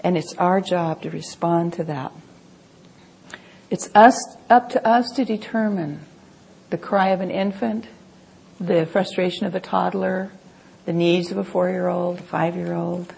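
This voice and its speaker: A woman's voice: lowish voice, steady tone, a little slow, gravelly, a little mellow, a little hiss or hum. A middle-aged woman giving an earnest Bible teaching talk, explaining with homely examples from family life.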